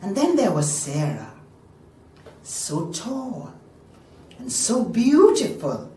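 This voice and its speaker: A woman performs a folk tale for a live audience, her slow, low-pitched voice dropping to hushed whispers and then rising to loud cries. She is heard from far off in a roomy space, with faint background noise underneath. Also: wildly swooping pitch. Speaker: storyteller. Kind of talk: dramatic live folk storytelling.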